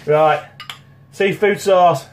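A man's voice: sits high, fairly even intonation, drawn-out words, slight background noise. A man, host of a home cooking channel, chatting bluntly to camera and swearing constantly. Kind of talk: casual sweary to-camera chat. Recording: echoey room.

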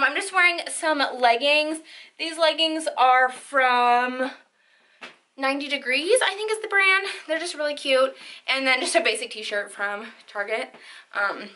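A woman's voice: high voice, pushed and bright. A young woman vlogging casually to camera from a bedroom at home, chatty and reassuring, with frequent "um" and "like". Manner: chatty and reassuring, says "um" and "like" often. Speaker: lifestyle vlogger.

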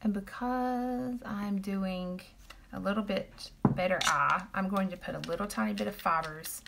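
A woman's voice: medium pitch, measured pace, vocal fry, heavy background noise. A woman chatting casually with viewers on a live stream while she applies makeup and talks about the products. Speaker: makeup seller doing a live demo.

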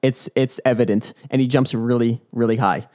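A man's voice: mid-range voice, steady tone, normal speed, darkish tone. A young man hosting his own dunk podcast, talking casually in a hyped, joking, swearing bro manner. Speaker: dunk vlogger and podcast host. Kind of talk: casual rambling podcast monologue.

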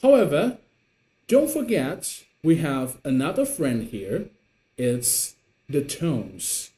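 A man's voice: huge pitch swings, mellow. A man teaching a beginner Mandarin lesson in English, patient and encouraging, showing the tones with his voice. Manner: slow, patient, pitch swinging up and down to show tones. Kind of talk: online language lesson. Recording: echoey room.

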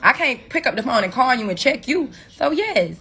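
A woman's voice: sits high, sing-song, normal speed, pushed and bright, breathy edge. A woman on a phone livestream, delivering a profane, confrontational scolding rant at her viewers. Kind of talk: angry rant on a social media livestream.

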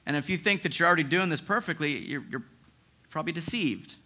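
Bright-voiced, animated male pastor. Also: on the high side, fast talker. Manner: animated, conversational preaching with frequent restarts; acts out listeners' inner objections. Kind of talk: sermon.

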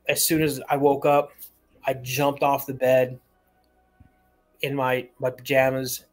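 A man's voice: medium pitch, darkish tone. Man caller telling a rambling story. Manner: rambling, repeats words, acts out quoted dialogue. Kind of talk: storytelling on a call-in show.

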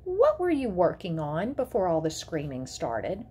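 A woman voicing a protective mother who speaks in a firm, controlled, sharp way while reading a story aloud. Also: fairly low pitch, wildly swooping pitch, unhurried, husky, heavily acted. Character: fierce protective mother of a disabled girl.

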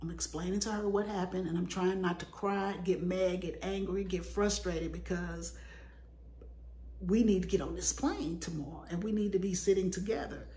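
A middle-aged woman telling a story to her viewers in a lively, casual way and acting out what others said. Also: fairly low pitch, normal speed. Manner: animated retelling, mimics others in quotes. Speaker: vlogger. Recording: roomy echo, clear background noise.

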